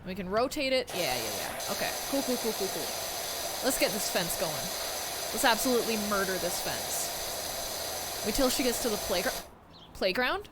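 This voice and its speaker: A woman streaming a game live, chatting casually and excitedly to her chat and the game. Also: mid-range voice, fairly quick, very noisy.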